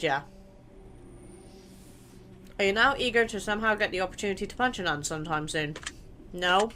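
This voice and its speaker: A woman's voice: medium pitch, a bit bright. Casting note: young adult woman streamer, candid and unfiltered, mid-range voice, light noise underneath. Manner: chatty and blunt, swears casually. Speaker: gaming content creator. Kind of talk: casual let's play commentary, reading questions aloud.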